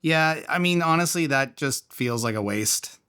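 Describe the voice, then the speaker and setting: A man's voice: on the high side, animated, unhurried, bright, forceful tone, clear, resonant tone. A man casually reviewing and taking apart a small fidget toy, thinking aloud as he tinkers. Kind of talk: casual product teardown.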